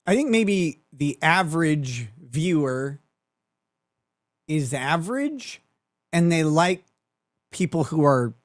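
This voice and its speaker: A man's voice: fairly high pitch, very animated, slow pace, pauses often, no room sound. A man riffing through a mocking commentary, with a voice that swings widely up and down as he talks. He is sarcastic and profane, and he laughs often. The sound is dry, close and plain. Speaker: commentary show host.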